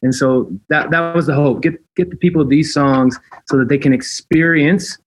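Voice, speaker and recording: A man talking as a guest in an interview, earnest and animated, often repeating his phrases for emphasis. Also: a little high, moderate pace. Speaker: worship leader guest. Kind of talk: casual interview chat.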